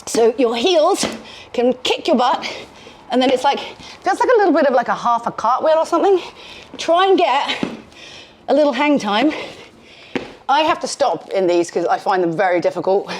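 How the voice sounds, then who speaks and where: Slightly high-voiced woman doing a home workout class, chatty, jokes about herself, small room. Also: animated, moderate pace, long pauses, slight background noise. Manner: chatty, self-deprecating, playful. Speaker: fitness instructor. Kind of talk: casual workout instruction. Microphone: handheld microphone.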